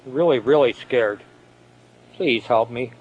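A man voicing a young male soldier writing home to his sister, halting and frightened. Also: mid-range voice, slightly rough, muffled recording.

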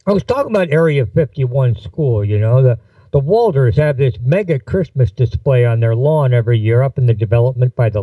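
A man reading a first-person story aloud, giving the characters' lines with shifts in pitch. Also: dark tone, no echo, recorded from a distance, low-quality recording. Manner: voices dialogue with shifts in pitch. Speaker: narrator. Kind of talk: audiobook-style fiction reading.

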